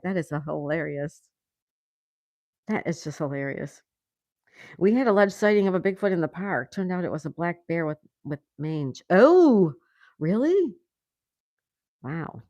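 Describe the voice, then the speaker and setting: A woman's voice: fairly low pitch, animated, unhurried, long pauses, a little mellow, no echo, highs cut off. A woman hosting a casual livestream, reading viewer comments aloud and laughing often. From United States. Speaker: livestream host. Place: home in Florida.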